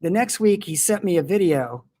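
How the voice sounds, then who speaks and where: A man's voice: sits high, lively intonation, moderate pace, dark tone. A man talking as a guest in an interview, enthusiastic and rambling, with many restarts. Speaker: product company founder, guest. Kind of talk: casual interview talk.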